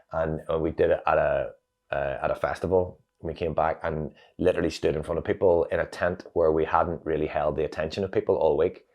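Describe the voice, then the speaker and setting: A Northern Irish man, an interview guest, telling a personal story in a reflective, animated way with many fillers. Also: deep voice. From Northern Ireland.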